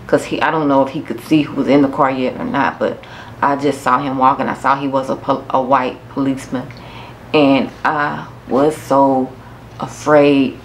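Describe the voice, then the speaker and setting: A woman telling a frightening personal story to her viewers, halting and repeating herself, close to tears. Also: a bass voice, steady tone, slight background noise. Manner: halting, repeats words, addresses viewers as y'all. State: tearful. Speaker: vlogger. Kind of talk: emotional personal story to camera.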